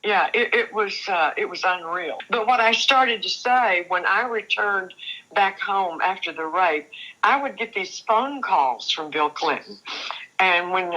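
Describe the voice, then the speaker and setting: A woman's voice: medium pitch, lively intonation, sharp tone, rough recording. An older woman, a guest on an interview show, telling her own story earnestly, often restarting her sentences. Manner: earnest, halting, with repeated restarts. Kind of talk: personal testimony in an interview.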